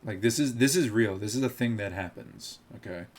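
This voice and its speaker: A man's voice: lowish voice, fairly quick, darkish tone. A man streaming live, rambling and laughing as he mocks people and tries out impressions.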